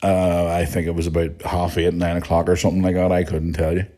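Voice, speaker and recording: A man's voice: low-pitched, brisk. A man hosting a podcast, telling a story casually, swearing freely and acting out what other people said. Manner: animated, swears often, acts out other people's lines. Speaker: podcast host.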